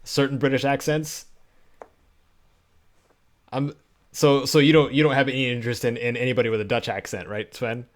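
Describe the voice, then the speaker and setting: A man's voice: mid-range voice, flat delivery, moderate pace, long pauses. A man live-streaming, chatting casually and laughing often as he talks to viewers while editing. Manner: chatty, giggly, talks to chat while working.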